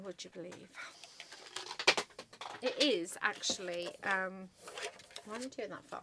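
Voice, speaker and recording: A woman's voice: medium pitch, moderate pace, noisy background. A woman chatting casually through a card-making tutorial, gushing over her work with many ums and murmured asides. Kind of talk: casual crafting tutorial chat.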